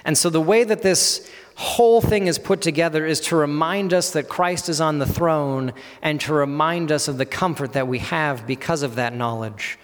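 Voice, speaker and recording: A man in his thirties preaches an earnest teaching sermon, his voice sitting a little high for a man. He breaks the text into parts and gives the quoted speakers a voice of their own. A long reverb trails behind him, as in a large hall. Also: moderate pace, hardly any pauses.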